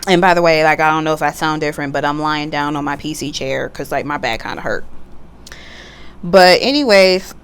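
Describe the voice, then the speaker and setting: Her voice sits low and runs fairly quick, with a bit of background noise, as she does a casual tarot reading from her computer chair at home. She's a chatty, blunt tarot reader who curses freely and laughs often.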